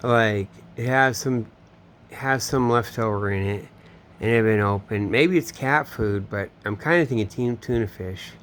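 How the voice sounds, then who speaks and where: A man's voice: medium pitch, moderate pace, a bit bright, slight background noise. A man telling a long, meandering personal story, swearing often and trailing off mid-sentence. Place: home in Florida.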